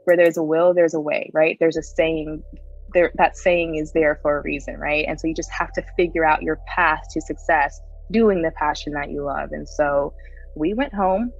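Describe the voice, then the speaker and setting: A lowish-voiced woman talks through her story as a podcast guest, loose and chatty, laughing as she goes and checking in with "right?" every few lines. A faint music bed sits under her voice. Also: fairly even intonation, moderate pace, creaky, lo-fi sound. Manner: chatty, laughs often, frequent "right?" tags. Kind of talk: casual interview storytelling.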